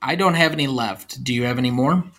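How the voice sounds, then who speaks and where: A man's voice: mid-range voice, fast, fairly bright tone. A man co-hosting a podcast about movies, chatting casually and reading quotes aloud with some flair. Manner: reads movie quotes aloud in a lightly acted voice. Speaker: podcast co-host. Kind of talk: casual film discussion.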